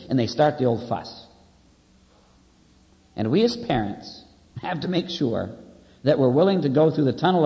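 A man's voice: a little high, a little mellow. A man preaching a sermon in a wry, conversational way, often repeating his key phrases. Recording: dull lo-fi audio with long hall reverb.

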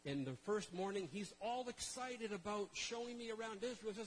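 Animated high-voiced male preacher. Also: brisk, hardly any pauses, slight background noise, rough recording. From Canada. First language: Portuguese. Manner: joking, animated storytelling. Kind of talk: humorous sermon.

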